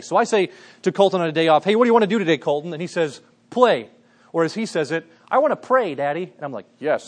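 A man in his thirties delivers a sermon in an earnest, conversational way, talking straight to the congregation. His voice sits a little higher than most men's. He often sinks to a soft, hushed register while telling a story. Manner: earnest, conversational preaching with frequent "guys". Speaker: pastor.

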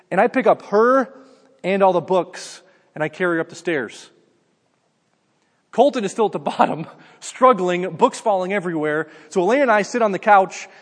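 A man's voice: sits high, long reverb tail. A man preaching a sermon in a conversational way, calling his listeners "guys" and often saying "like". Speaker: pastor.

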